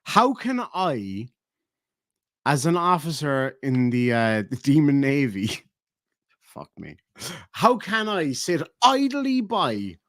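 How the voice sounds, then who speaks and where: A man's voice: medium pitch, a bit bright, no echo, clean studio sound. A man telling a profane, sardonic story in a vlog rant. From Ireland. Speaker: YouTuber. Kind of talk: ranting vlog monologue.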